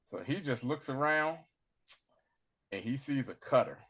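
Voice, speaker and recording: A man co-hosting a casual recap chat, retelling scenes with lively slang and acting out the characters' lines. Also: mid-range voice, unhurried. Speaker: podcast co-host recapping a TV episode.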